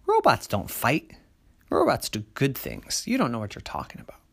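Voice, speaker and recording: A man voicing a small little sister in a bedtime storybook, with a squeaky, sing-song voice. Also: huge pitch swings, moderate pace, vocal fry, husky, in a whisper, full character voice. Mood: stubborn.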